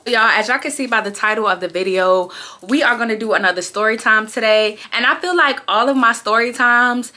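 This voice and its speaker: A young adult woman telling a casual storytime on her vlog, chatty and slangy, with lots of animated asides to her viewers. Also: brisk. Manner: animated, slangy, chatty, jumps high for acted-out quotes. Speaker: vlogger.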